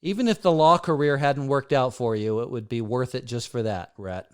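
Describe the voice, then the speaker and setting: A man hosting an interview, asking measured and hesitant questions full of pauses. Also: medium pitch, smooth, no echo, clean studio sound. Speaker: podcast host, interviewer. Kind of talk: conversational interview.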